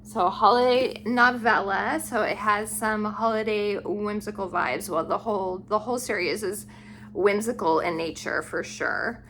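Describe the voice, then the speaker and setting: A woman vlogger showing off a book haul, gushing and unhurried as she admires each book aloud. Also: medium pitch, a bit bright, slight background noise. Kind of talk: casual book haul show-and-tell.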